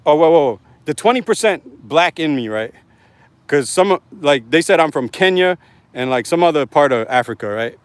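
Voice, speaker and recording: A man's voice: on the high side, lively intonation, normal speed, smooth, dry recording. A man hosting his own livestream in casual, rambling, slangy chat, reading out viewer comments as he talks into his phone. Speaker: livestream host.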